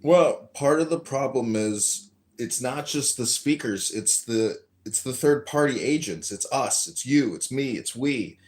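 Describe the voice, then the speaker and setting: A man's voice: mid-range voice, expressive, unhurried. A man in a casual chat on a social audio app, musing aloud and groping for his words.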